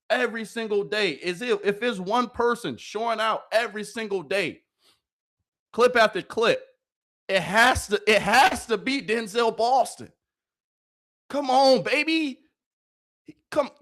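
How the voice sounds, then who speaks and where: A high-voiced man hosts a live football reaction stream, bursting with hype. His pitch swings wildly as he yells and laughs straight into a close mic. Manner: loud and excitable, yelling and laughing often. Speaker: sports reaction livestream host. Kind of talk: hyped live commentary on football clips. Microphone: close microphone he yells into.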